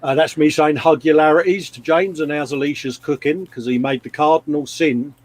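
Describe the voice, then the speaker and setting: A man's voice: a little high, fairly even intonation, a little fast. A man hosting a casual live stream from a home workshop, reading out viewer comments and chatting. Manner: laid-back, reads out viewer comments. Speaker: host.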